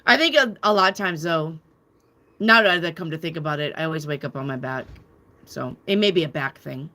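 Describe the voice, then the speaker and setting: Brisk and animated, a tarot reader talks casually on her live stream, reading out viewer comments and cursing without restraint. Her low voice comes across pushed and bright.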